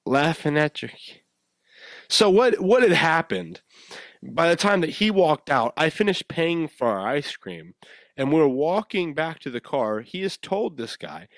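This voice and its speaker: A young man hosts his own podcast and tells a story in a loose, animated way. His pitch swings a lot while he laughs and stumbles over repeated words. The sound is dry and close, with almost no room in it. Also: a little slow, dry recording. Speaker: podcast host. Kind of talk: casual storytelling monologue.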